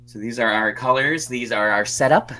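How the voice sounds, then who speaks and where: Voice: mid-range voice, moderate pace, pushed and bright. A livestream host and artist chatting casually to viewers while coloring, rambling with fillers.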